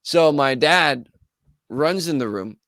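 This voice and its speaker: A man with a smooth, resonant voice tells a story in a relaxed, animated way, jumping into the voices of the people he describes. The sound is dry and close, from a podcast studio. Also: on the high side, takes it slowly, dry recording. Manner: animated, acts out quoted voices. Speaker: guest musician. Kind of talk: casual storytelling.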